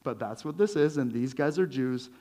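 A male pastor giving a conversational sermon, lively and joking, with chuckles between his points. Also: medium pitch, normal speed.

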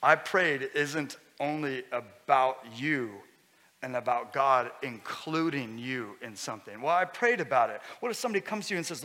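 A man preaching a sermon as pastor, conversational and lively, with sudden loud bursts. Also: fairly high pitch, moderate pace. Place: church hall. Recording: long hall reverb.

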